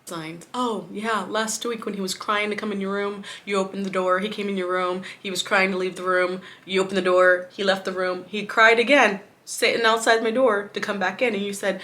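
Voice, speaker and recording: Grieving woman with a bright voice. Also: medium pitch, fairly even intonation, fairly quick, hardly any pauses. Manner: grieving, swinging from hushed to raised voice. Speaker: vlogger. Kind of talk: emotional personal story.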